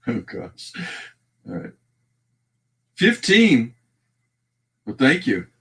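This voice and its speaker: Bright-voiced Texan man hosting a livestream. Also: on the low side, expressive, takes it slowly, gravelly. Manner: chatty, reads out and greets viewers by name. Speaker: livestream host. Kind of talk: casual livestream chat.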